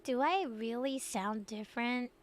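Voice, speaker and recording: A woman's voice: a little high, unhurried, soft background music. A woman from Taiwan, a native Mandarin speaker, chatting casually late at night on her stream, laughing often and answering chat messages.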